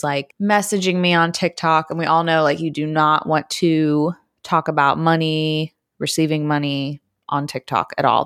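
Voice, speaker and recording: A woman casually telling a story to her viewers, chatty and laughing often, with sudden jumps in pitch. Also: a bit bright, smooth, no room sound, studio quality. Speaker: adult content creator vlogger.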